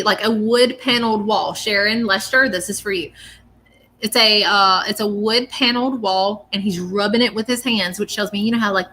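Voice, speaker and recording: A chatty woman gives a live reading from her home, her tone bright and clear over a faint hum of background noise. She talks earnestly and keeps checking in with her listener, her voice sitting at an ordinary middle pitch. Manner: chatty and earnest, many fillers and "okay?". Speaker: psychic medium. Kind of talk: live-stream reading, casual talk.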